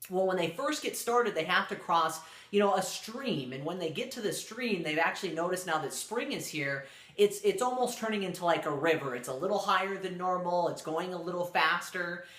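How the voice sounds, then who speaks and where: Man, casual storyteller, bright voice, rambling delivery, roomy echo. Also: high voice, expressive, moderate pace. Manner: loose and rambling, many fillers and restarts.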